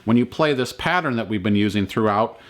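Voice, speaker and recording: A man teaching a ukulele lesson, explaining calmly and counting beats aloud. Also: on the low side, a little fast. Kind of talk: instructional lesson.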